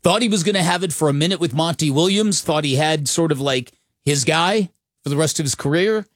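A chatty male sports radio co-host with a somewhat high voice, who stumbles into his points and restarts them before landing them emphatically. The sound is close and dry, straight from a studio microphone. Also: brisk, no room sound.

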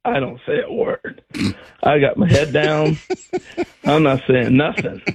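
An older man and former ballplayer telling animated stories on a sports radio show, acting out what others said. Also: fairly high pitch, slow, breathy edge, low-quality recording. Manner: animated storyteller acting out quotes. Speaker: former player turned radio analyst.

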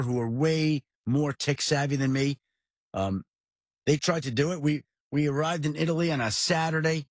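A middle-aged man with a husky, slightly breathy voice talks sports on a podcast. He is animated and emphatic, and his pitch climbs when he presses a point. The sound is close and dry, with no room around it. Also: no room sound. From New York area. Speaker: podcast host. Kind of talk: casual sports talk.

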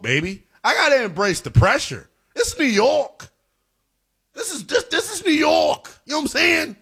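A man's voice: a little high, a bit bright. Fired-up man hosting sports radio. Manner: emphatic, fired up, talks straight to listeners. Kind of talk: animated sports radio commentary.

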